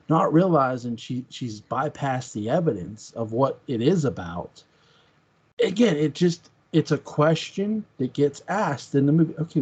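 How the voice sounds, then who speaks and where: A man's voice: medium pitch, husky. Guy on a movie podcast gushing about a film, acts out the lines, dull lo-fi audio. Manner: enthusiastic, quotes lines from the film with laughs. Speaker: podcast co-host. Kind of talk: casual film discussion. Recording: dull lo-fi sound.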